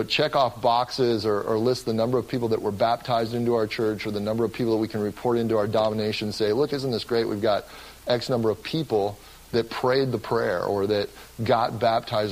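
A man's voice: mid-range voice, a little mellow, low-quality recording. A man preaching a sermon as pastor of his church, earnest and often restarting his words. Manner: earnest, with frequent word repeats and restarts.

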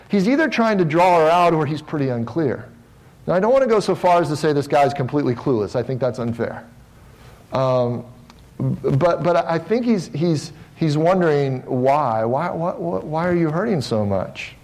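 A middle-aged male pastor delivers a sermon to a congregation in a church sanctuary. He speaks earnestly and pokes fun at himself, calling out directly to the listeners. His voice climbs higher and louder on his exhortations and then settles low and quiet when he reflects. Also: lively intonation, normal speed, poor audio. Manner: earnest, self-deprecating, calls out to the congregation.

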